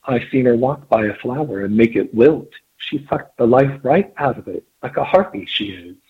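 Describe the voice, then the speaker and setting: A man voicing a gossiping Cockney woman cook in a story reading, with a husky voice over a phone-like line. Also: mid-range voice, lively intonation, moderate pace. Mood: gossipy.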